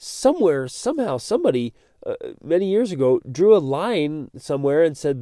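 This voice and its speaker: A man talks straight into a close podcast mic in an earnest, animated way, often repeating himself as he gets fired up. His voice is mellow and relaxed in tone, and the recording sounds dry. He sounds like a host speaking directly to his listeners. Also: fairly high pitch, normal speed, no echo. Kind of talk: motivational podcast monologue.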